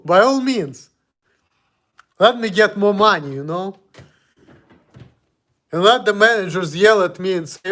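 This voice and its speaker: Man, casual home vlog; blunt, defiant rant, swears freely, laughs at himself, voice a touch high. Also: fairly bright tone.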